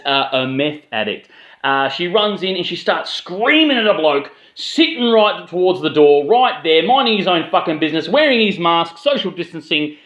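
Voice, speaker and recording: A man's voice: a little high, a bit bright. A young Australian man hosting his review vlog, telling a story in a profane, blokey, self-deprecating way. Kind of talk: casual storytelling monologue. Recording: echoey room, dull lo-fi sound.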